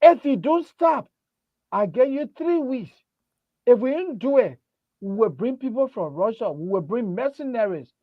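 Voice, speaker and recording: A man's voice: very high-pitched, sing-song, a little slow, pauses often, no echo, narrow, tinny audio, heavily acted. A man playing a blustering man who makes threats by phone and then panics, in a comedy skit. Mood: threatening. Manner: loud, bossy street talk that turns to frantic exclaiming.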